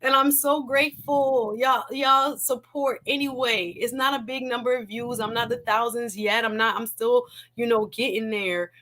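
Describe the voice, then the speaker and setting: A woman's voice: a little high, steady tone, normal speed, hardly any pauses, pushed and bright. Emotional woman hosting a livestream. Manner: emotional, laughing often, repeats herself. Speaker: livestream host. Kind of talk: casual livestream chat.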